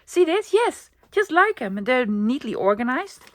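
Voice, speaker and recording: A woman's voice: high voice, big pitch swings, moderate pace, a bit bright, no room sound. Chatty woman vlogger. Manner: chatty, enthusiastic, thinking aloud. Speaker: craft vlogger. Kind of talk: casual show-and-tell vlog.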